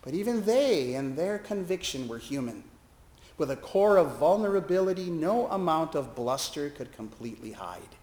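Speaking at a moderate pace in a fairly high voice, a male pastor recounts a hospital story during his sermon, expressively voicing the characters. The church sanctuary gives the recording a roomy sound.

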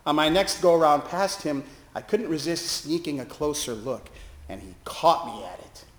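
A man's voice: on the high side, moderate pace, reverberant. A man, a chaplain, telling a personal story as a monologue with wry, self-deprecating humor. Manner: self-deprecating, wry, lively delivery with laughs.

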